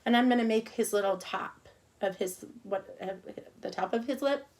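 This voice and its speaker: With a fairly high-pitched voice at a moderate pace, a middle-aged woman leads a cupcake decorating lesson online. She's casual and chatty, quietly talking herself through each step.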